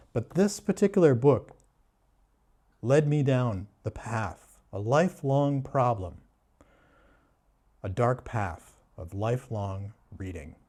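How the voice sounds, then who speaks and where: Deadpan guy doing a sarcastic book review, slow and mellow, mid pitch. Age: adult. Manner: deadpan mock-serious. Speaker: booktuber.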